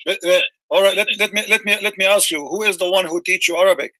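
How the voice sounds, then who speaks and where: A man hosting a heated debate, pressing his opponent with rapid repeated questions and cutting in. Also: sits high, steady tone, sharp tone. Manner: combative, interrupting. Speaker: debate host.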